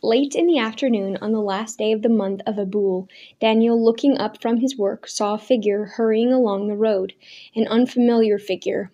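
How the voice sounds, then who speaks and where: Warm-toned woman narrating an audiobook. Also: mid-range voice. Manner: measured, expressive reading. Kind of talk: scripted narration.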